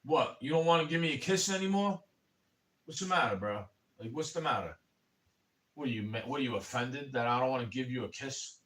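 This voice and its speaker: A man ranting on a livestream, rambling and swearing and calling the listener bro, getting louder in angry bursts. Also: medium pitch, lively intonation, brisk. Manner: rambling and profane, keeps saying "bro"; angry, rising to shouting in bursts. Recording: voice a bit far from the mic.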